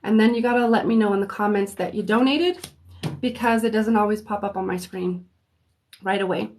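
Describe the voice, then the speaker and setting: A woman hosting a livestream of free readings in a relaxed, unhurried way, often pausing on "um" as she chats with viewers. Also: medium pitch, a little hiss or hum. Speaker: host and psychic reader. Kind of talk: casual livestream chat.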